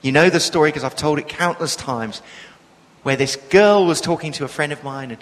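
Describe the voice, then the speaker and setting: A man's voice: moderate pace, a bit bright. A man preaching a sermon, passionate and emphatic, his voice swelling and dropping as he drives his points home. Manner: passionate, emphatic, with sudden swells in pitch and volume. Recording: long reverb of a large hall.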